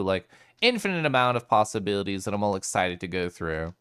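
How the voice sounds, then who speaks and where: A male streamer chatting with his live chat in a playful, giggly way, greeting viewers by name. His voice is smooth and resonant, and his pitch swoops up and down a lot. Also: sing-song, fast talker, fairly bright tone.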